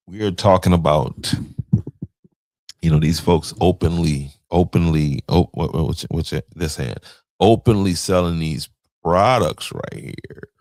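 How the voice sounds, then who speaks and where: Male podcast host, low gravelly voice, dry close sound, casual slangy commentary. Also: a little mellow, dry recording. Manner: loose slangy storytelling, stumbling over names.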